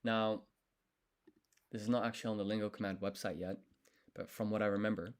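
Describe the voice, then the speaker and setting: A man studying a language on a live stream, thinking aloud, sounding out syllables slowly and correcting himself as he goes. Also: fairly low pitch, steady tone.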